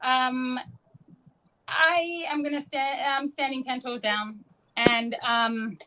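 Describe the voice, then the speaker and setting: A woman on a live-stream panel, teasing and playful in an animated way. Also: sits high, takes it slowly. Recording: dull lo-fi audio.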